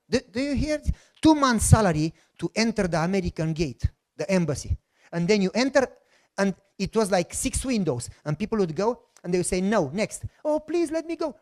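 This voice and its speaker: Pastor guy, pretty high voice, tells his story big and plays out every back and forth. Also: a little mellow. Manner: dramatic storytelling, acts out both sides of dialogues. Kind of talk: sermon storytelling.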